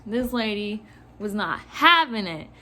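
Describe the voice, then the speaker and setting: Bright-voiced woman telling a story. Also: mid-range voice, measured pace. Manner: animated, laughing, mimicking others. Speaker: retail store worker. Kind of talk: casual storytime vlog.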